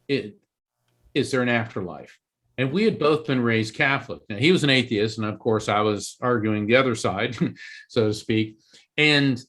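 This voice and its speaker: A man's voice: mid-range voice, fairly bright tone. A man from Florida, an author guest in an interview, telling a story earnestly and with animation, often restarting his sentences. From East Coast Florida, USA.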